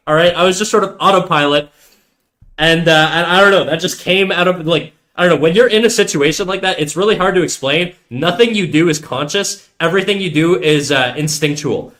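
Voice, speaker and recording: Animated, foul-mouthed male streamer. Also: sits high, moderate pace. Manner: animated, profane, talks straight to chat. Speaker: live streamer. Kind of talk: casual storytelling to a stream chat.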